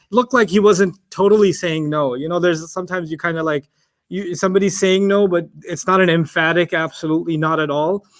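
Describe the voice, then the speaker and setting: A man giving a Quran lesson. He recites Arabic verses in a chant and explains the Arabic words patiently and at length. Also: fairly high pitch. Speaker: Quran teacher.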